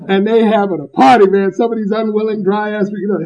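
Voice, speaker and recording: A man speaking at a recovery meeting about his own recovery, blunt and emphatic, loud at times and cracking jokes. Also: high-pitched, quick pace, hardly any pauses. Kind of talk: personal recovery talk. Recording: dull lo-fi recording.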